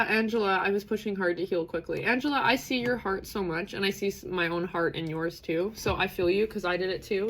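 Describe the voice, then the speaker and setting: A woman's voice: lowish voice, a little hiss or hum. A woman in her thirties hosting a live self-acceptance session. She talks chattily, reads out chat comments, laughs often and rambles through restarts. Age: 30s. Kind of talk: casual live-stream talk, reading chat comments.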